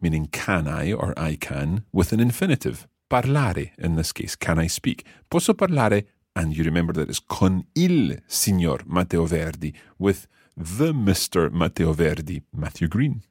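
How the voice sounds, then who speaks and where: Male teacher, low husky voice, lively intonation, patient step-by-step explainer. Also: moderate pace, no room sound, clean studio sound. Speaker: language teacher. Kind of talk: podcast language lesson.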